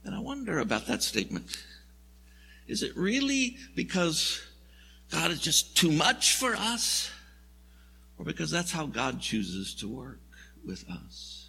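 A man's voice: a little high, wildly swooping pitch, a little slow, gravelly, long pauses, bright, forceful tone, husky, in a large hall. A male pastor preaching a sermon, telling the story in a conversational, wry way with jokes.

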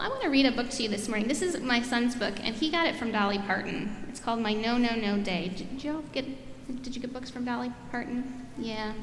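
A woman's voice: fairly high pitch, background noise. A woman pastor giving a children's message and sermon, speaking simply and leading prayers in a church. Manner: warm, simple talk to children, leads prayers. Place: church sanctuary. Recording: echoey church hall, faint ambience.

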